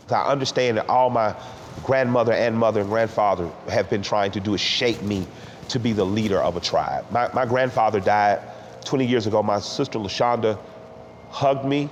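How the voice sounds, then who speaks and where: Heard in a large hall over a faint background hiss, a rapper in his forties with a voice on the low side is being interviewed. He's heartfelt and reflective, stumbling over repeated words as emotion builds, and sometimes tearful.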